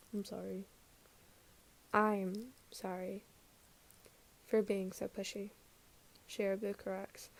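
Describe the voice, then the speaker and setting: Quiet woman reading fanfic aloud, mellow warm voice, pretty monotone. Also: medium pitch. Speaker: podfic reader. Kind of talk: fan fiction audio reading.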